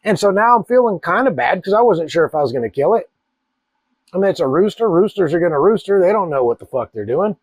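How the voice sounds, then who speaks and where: A man, telling a wild personal story in a profane, animated way. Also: sits high, fast talker, no echo. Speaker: cigar channel host. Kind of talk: casual storytelling.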